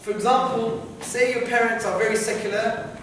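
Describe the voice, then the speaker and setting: A man answering student questions in a university lecture hall, animated and often checking in with "yeah?". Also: extremely high pitch, moderate pace. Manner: animated, repeats "yeah?" to the audience. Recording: very echoey hall, noisy, from far off.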